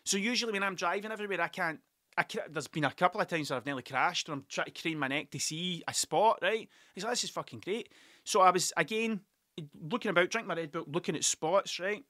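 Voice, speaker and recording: Man, podcast host, sweary, self-mocking, rambling, dry close sound, bright tone. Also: high voice, fast talker, no echo. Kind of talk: casual storytelling monologue. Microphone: desk mic.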